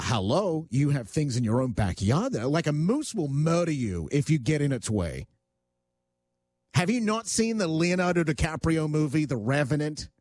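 A man's voice: fairly high pitch, no room sound. An Australian man in his forties hosting a casual radio chat, rambling and joking with lots of "uh" fillers. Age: 40s. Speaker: radio host.

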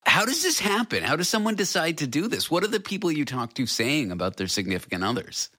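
A man's voice: on the high side, big pitch swings, fast talker, pushed and bright, husky, no room sound, clean studio sound. A man hosting an interview show, asking curious, wry questions. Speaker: podcast host. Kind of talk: conversational interview.

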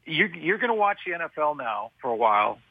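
A man talks football as a radio analyst, halting and circling back, often flagging his own sarcasm. His voice is husky and sits in a middle register. It comes through a dry, tinny phone line. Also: a little high, big pitch swings, dry recording. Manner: halting, restarts often, self-aware sarcasm. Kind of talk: radio sports talk.

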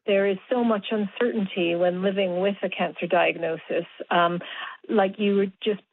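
A woman guest speaks calmly and thoughtfully, laying things out step by step. Her voice comes through a narrow, tinny phone line. The sound is dry, with no room around it. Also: medium pitch, dry recording. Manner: measured, reflective explanations. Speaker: guest, doctor and mountaineer. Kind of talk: radio interview over the phone.

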